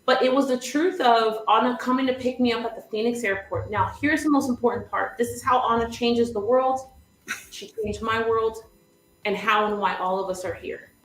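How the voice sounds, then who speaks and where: A woman's voice: a little high, moderate pace, fairly bright tone, echoey room, slight background noise, low-quality recording. A woman coach hosting a livestream, telling a story vividly and laughing often. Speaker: business coach, show host.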